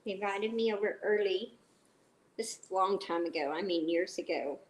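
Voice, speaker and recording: A woman's voice: mid-range voice, moderate pace. A middle-aged woman with a stuffy nose, live streaming casually while cooking, chatting with viewers and telling rambling stories. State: stuffy, blowing her nose.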